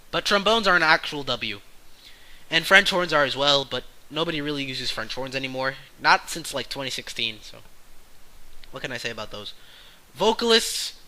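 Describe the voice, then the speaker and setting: Man, vlogger, casual rant, profane slang, very bright tense tone. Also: low-quality recording. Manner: loud and excited early, calmer and lower later. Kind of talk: casual opinion rant to camera.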